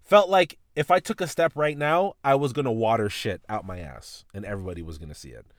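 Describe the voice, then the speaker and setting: A man's voice: medium pitch, a little fast, no echo, studio quality. A man hosting a podcast, telling a childhood story in a casual, profane way. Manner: animated, profane, voices his teacher and mom in retelling. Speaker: podcast host.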